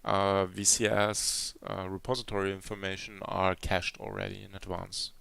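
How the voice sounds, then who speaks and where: Creaky low-voiced man demoing code. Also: little pitch movement, normal speed, fairly bright tone, no echo. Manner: hesitant, many fillers and restarts. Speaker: conference speaker. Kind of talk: live coding demo talk. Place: conference hall.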